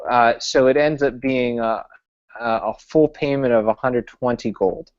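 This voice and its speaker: Halting tabletop player narrating slowly. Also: medium pitch, dry recording, muffled recording. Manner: halting, many repeated words. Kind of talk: narrating his character's actions.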